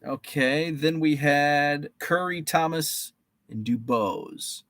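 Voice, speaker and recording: A man's voice: a little high, takes it slowly, a bit bright, dry recording. A man hosting a live stream, running a guessing game with trading cards, reading out viewers' names and answers in a chatty, playful way. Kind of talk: casual live-stream chat.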